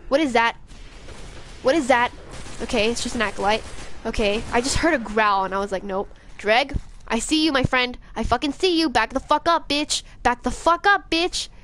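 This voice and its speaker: This young woman streams a video game live, her fairly high, fairly bright voice carrying a little hiss or hum. She curses, panics, and taunts enemies, jumpy and profane, talking back to them as she narrates her play.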